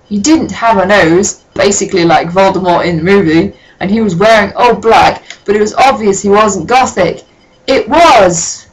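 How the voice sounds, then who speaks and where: A woman doing a comedic dramatic reading of a story, breaking off with sarcastic, sweary, deadpan asides. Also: mid-range voice, moderate pace, poor audio. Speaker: reader and commentator.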